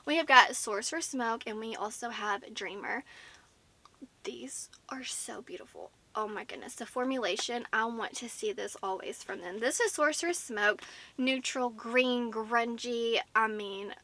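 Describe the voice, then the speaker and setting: A woman's voice: on the high side, normal speed, bright, forceful tone. A woman with a Southern US accent reviewing makeup in a chatty, gushing way, full of "like" fillers. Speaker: beauty vlogger. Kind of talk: casual product review.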